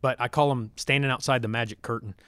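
A man's voice: mid-range voice, fairly even intonation, fast talker, fairly bright tone, smooth, no echo. A man telling his story as a podcast guest, acting out quoted dialogue. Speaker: podcast guest, former fighter pilot. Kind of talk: storytelling interview. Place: studio. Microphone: studio mic.

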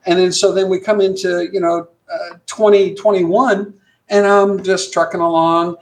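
High-voiced man telling lively stories. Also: moderate pace, a little hiss or hum, poor audio. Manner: lively storyteller who acts out radio calls. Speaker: guest, virtual air traffic controller. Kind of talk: animated anecdote telling.

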